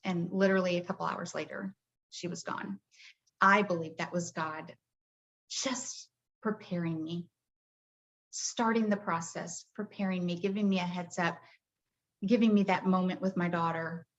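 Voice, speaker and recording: A middle-aged woman, a grief coach, talking in a soft, heartfelt way with many hesitations in a podcast interview. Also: lowish voice, steady tone, normal speed. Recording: dull lo-fi audio.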